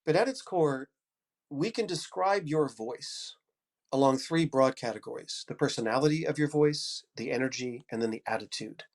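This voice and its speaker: A man's voice: mid-range voice, moderate pace. A man in his fifties, an audiobook narrator and coach giving a talk, with a head cold and a generous, upbeat, encouraging way of speaking. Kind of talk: conference talk.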